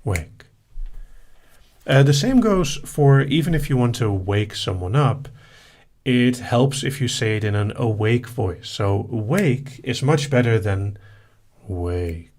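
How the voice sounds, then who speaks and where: A man hosting a live session, reading listener questions aloud and answering them in a relaxed, casual way. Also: medium pitch, unhurried. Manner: relaxed, reads out questions then answers briefly.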